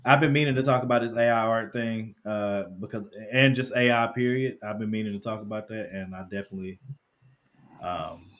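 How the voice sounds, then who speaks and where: A man co-hosting a live talk stream, relaxed and easygoing, often trailing off quietly and laughing. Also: lowish voice, a little fast. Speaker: podcast co-host. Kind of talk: casual chat.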